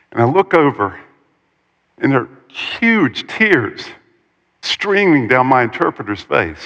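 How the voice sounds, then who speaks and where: A man preaching a sermon, retelling a story with animated, dramatic delivery and pauses. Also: medium pitch, in a large hall, highs cut off.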